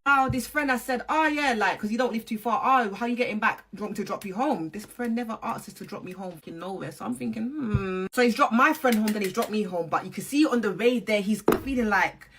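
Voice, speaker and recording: A woman's voice: fairly high pitch, fast talker, few pauses, a bit bright, a little hiss or hum. A woman, hosting a storytime vlog, talking animatedly and straight to her viewers with plenty of slang. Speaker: channel host.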